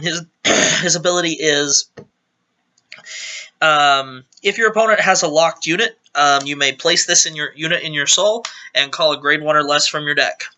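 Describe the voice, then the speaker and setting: Bright-voiced man talking through a card deck. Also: on the high side. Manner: rambling, self-correcting explanation. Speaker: card game deck reviewer. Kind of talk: casual deck profile talk.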